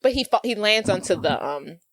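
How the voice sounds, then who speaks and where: A woman's voice: mid-range voice, brisk, dry recording. Woman chatting on a podcast, retelling a movie plot, doing little voices for the characters, dry close sound. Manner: animated retelling, acting out characters' lines. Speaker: podcast co-host. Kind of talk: casual movie recap chat.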